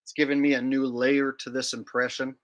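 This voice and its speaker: A man's voice: medium pitch, little pitch movement, brisk. A man hosting a casual livestream, joking and rambling while reading chat aloud. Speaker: livestream host.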